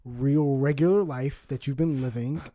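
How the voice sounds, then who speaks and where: A man's voice: mid-range voice, moderate pace, dark tone, no echo. A man in his twenties co-hosting a casual podcast chat, laughing often and rambling through many restarts and fillers. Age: 20s. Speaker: podcast co-host.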